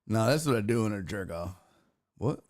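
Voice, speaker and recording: A man's voice: fairly low pitch, moderate pace. A young man hosting a casual sports podcast, joking around and cursing freely. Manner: profane, animated, joking. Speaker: podcast host.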